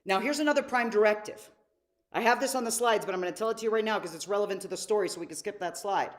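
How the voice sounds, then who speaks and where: A woman's voice: medium pitch, rapid-fire. A woman leading a live online workshop, teaching with energy and asking her audience questions. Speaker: workshop leader.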